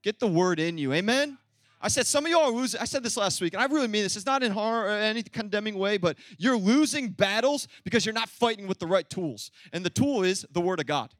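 A man preaching a sermon as pastor, animated and emphatic, calling out to the congregation for an amen. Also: high voice, brisk, no room sound, clean studio sound.

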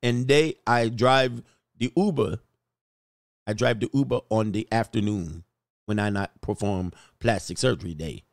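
A man's voice: lowish voice, a little slow, no echo, clean studio sound, pitched below the performer's own voice. A man putting on a bragging doctor with a clumsy South African accent. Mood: boastful. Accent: clumsy put-on South African. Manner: comic, singsong, ends phrases with "day". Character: boastful male doctor moonlighting as a rideshare driver.

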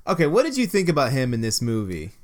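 A man talks through a movie with a friend in an easygoing podcast chat. His pitch rises and falls a lot, and he breaks into little acted-out bits of dialogue as he goes. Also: fast talker. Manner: animated, acts out lines from the film. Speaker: podcast co-host. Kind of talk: casual movie discussion.

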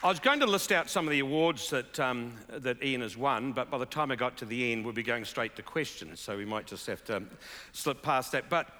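A man leads an onstage interview, and his bright, forward voice carries through the hall with a long echo. He sounds chatty and upbeat, leaning on ums and uhs as he talks. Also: medium pitch, animated, brisk, hardly any pauses, some chatter behind. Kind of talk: onstage conversation. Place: large hall with live audience. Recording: reverberant large hall.

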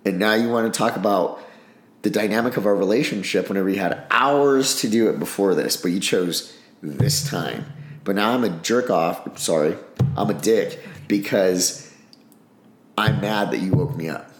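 Blunt veteran guest, low voice, plainspoken storyteller, roomy echo. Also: male voice, normal speed, soft background music. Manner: blunt, frank, swears, tells stories with acted-out dialogue. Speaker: podcast guest, army special operations veteran. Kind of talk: casual interview talk.

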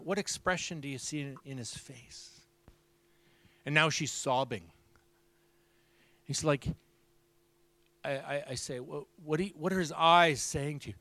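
A man preaching, telling a story with lively acted-out dialogue. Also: on the high side, no echo. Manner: animated storyteller, acts out dialogue. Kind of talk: sermon storytelling.

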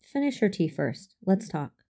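A woman reading the part of a warm, courteous male hologram doctor in an audio story, in a gentle, friendly tone. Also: medium pitch, sing-song, unhurried, gravelly, full character voice.

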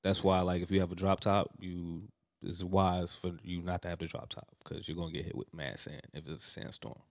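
A man talking casually and slangily in a podcast chat, often trailing off quietly. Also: deep voice, level tone, fairly quick, big-room sound.

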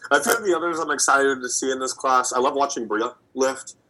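A man's voice: mid-range voice, brisk, sharp tone, low-quality recording. A man in his twenties chatting casually and enthusiastically about powerlifting, rambling with fillers. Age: 20s. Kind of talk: casual sports chat.

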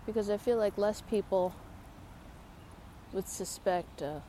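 A woman around thirty talks slowly and loosely into a phone while walking outdoors in a park. Her voice is mellow and relaxed, her asides are wry and self-mocking, and faint outdoor noise sits behind her. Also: medium pitch. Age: 30s. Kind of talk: casual vlog while walking a dog.

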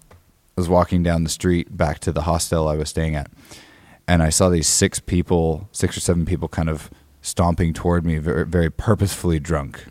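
Low-voiced man telling a rambling story. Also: darkish tone, no room sound. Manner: rambling, many restarts and fillers. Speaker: guest musician. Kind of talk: casual storytelling interview.

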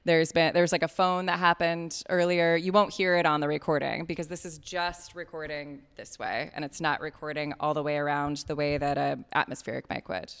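Low, smooth-voiced woman podcaster in a hall. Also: steady tone, brisk, few pauses, a bit bright. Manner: chatty, frank, loose with swearing. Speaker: podcast host giving advice. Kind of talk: casual talk at a panel.

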